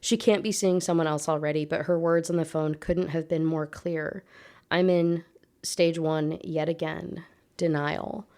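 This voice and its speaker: A woman reading aloud the part of a frustrated, tired teenage girl telling her own story, in her own low voice. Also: fairly even intonation, measured pace, a little mellow. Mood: subdued. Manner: reading first-person prose aloud, exasperated.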